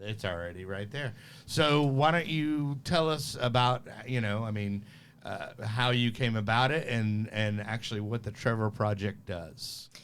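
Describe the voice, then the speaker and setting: A man's voice: fairly low pitch, measured pace, slight background noise. A man hosting a podcast in a loose, rambling, jokey chat style. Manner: rambling, chuckling, animated asides. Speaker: podcast host.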